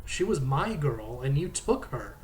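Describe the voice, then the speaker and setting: Male reader playing a bitter, furious young man; rumbling, raised, accusing. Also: big pitch swings, unhurried, a little mellow, recorded from a distance. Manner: rumbling, accusing, voice rising in anger.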